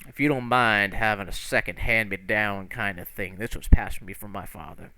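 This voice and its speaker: A man voicing a foul-mouthed, hot-tempered male dwarf cook who talks gruff and blunt. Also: fairly low pitch, fairly even intonation, moderate pace, pushed and bright, no room sound, voice pushed down. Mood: low confiding. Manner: swears constantly, gruff and blunt.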